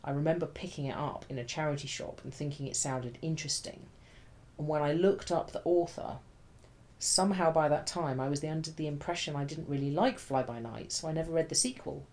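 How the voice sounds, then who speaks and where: A woman's voice: deep voice, fairly quick, darkish tone. A woman reading a scripted book review in a dry, wry, chatty manner.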